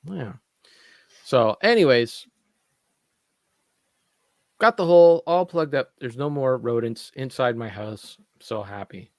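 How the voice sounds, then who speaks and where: A man from Canada co-hosting a casual chat show, wandering through an anecdote with plenty of ums and restarts. His voice sits at an ordinary middle pitch. The recording is close and dry, with no room sound. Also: animated, slow pace, pauses often, a little mellow, dry recording. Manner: rambling storytelling with many fillers and restarts. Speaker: podcast co-host.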